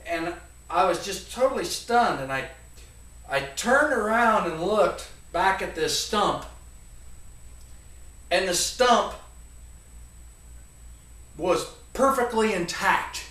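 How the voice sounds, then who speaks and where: High-voiced man telling a story in an echoey room. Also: takes it slowly, long pauses, recorded from a distance. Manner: animated, rambling, comic delivery. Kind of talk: live storytelling to an audience.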